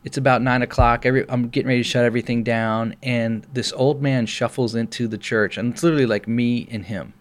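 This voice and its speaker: A man's voice: mid-range voice, fast, few pauses. A middle-aged pastor telling a personal story in casual podcast chat, acting out the people he quotes. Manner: animated storyteller, acts out quoted voices.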